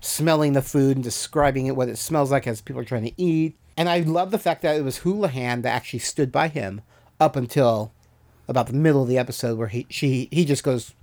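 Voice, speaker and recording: A man's voice: medium pitch, a little fast, a little mellow. A man hosting a podcast, talking through a TV episode in casual, rambling chat full of fillers. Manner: rambling, many "you know" fillers. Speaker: podcast host reviewing a TV episode.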